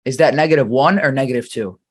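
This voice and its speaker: Speaking at a middle pitch with a breathy edge, a male teacher leads a grammar lesson. He takes his time, reading sample sentences deliberately and then testing the listener on each.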